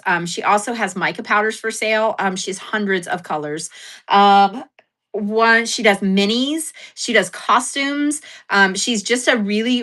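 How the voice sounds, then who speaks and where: Young adult woman livestream host, bright voice, giggly and rambling. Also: mid-range voice. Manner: giggly, self-deprecating, rambling with fillers. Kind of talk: casual livestream chat.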